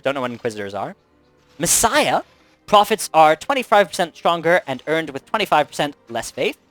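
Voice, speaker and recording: Lively young man narrating his gameplay. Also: on the high side, no room sound. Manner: animated, chatty, wry asides. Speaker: Let's Play host. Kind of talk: casual gameplay commentary.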